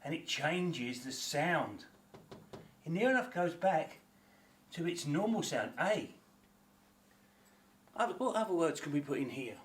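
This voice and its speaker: A man's voice: a little high, sing-song, measured pace, long pauses. A man with an Australian accent teaching a phonics lesson, patiently sounding out letters and words.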